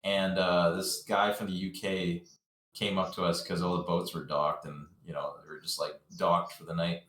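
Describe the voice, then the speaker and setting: A man's voice: sits low, level tone, moderate pace, fairly bright tone. A man co-hosting a gaming podcast in casual banter. He teases, swears freely and laughs a lot. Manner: teasing, profane, laughs a lot. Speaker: podcast co-host. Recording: roomy echoey sound.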